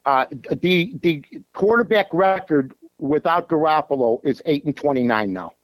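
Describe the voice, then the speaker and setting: With a voice on the high side and lively intonation, this Chicago handicapper and sports radio host speaks at a moderate pace from his parked car. His casual call-in sports talk is blunt and full of fillers and restarts, and the recording is rough but has no echo.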